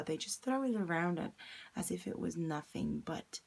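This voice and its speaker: Young woman vlogging, low raspy voice, just talking it through honestly. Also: lively intonation, fairly quick, darkish tone. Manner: candid, reflective retelling with quoted dialogue. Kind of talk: personal storytime vlog.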